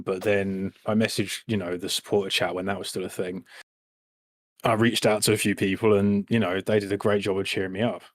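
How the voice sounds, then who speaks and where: A man's voice: lowish voice, no room sound. A man co-hosting a casual podcast, chatting in an easygoing way. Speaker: podcast co-host.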